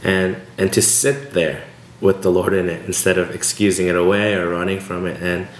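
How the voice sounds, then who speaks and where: A man's voice: low voice, flat delivery, moderate pace. A man in casual conversation, speaking reflectively and hesitantly, often restarting his sentences. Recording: roomy echo with faint ambience.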